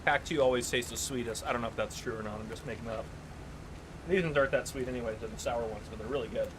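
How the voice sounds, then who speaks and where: A man's voice: medium pitch, steady tone, quick pace, background noise. A man chatting casually on a live gaming stream, telling stories, reading chat aloud and laughing often.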